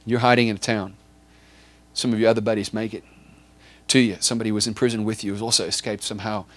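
A man's voice: on the low side, flat delivery, fast. A man preaching a sermon, acting out a scene in vivid detail and often repeating or stumbling over words as he builds it. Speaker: pastor.

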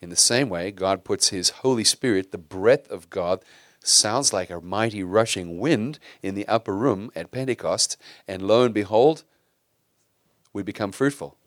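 Low-voiced male pastor preaching. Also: no echo, studio quality. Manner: conversational preaching with rhetorical questions. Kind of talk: sermon.

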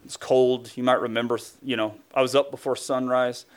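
A male pastor preaching in a loose, conversational way, full of "like" and "you know", who gets animated when he acts out what God says. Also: mid-range voice, moderate pace. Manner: animated, acts out God's voice with rising emphasis. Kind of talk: sermon.

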